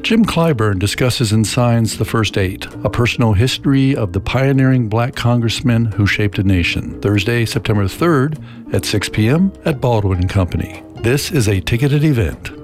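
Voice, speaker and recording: A man's voice: mid-range voice, lively intonation, normal speed, darkish tone, faint music behind. Man reading radio event listings. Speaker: radio announcer.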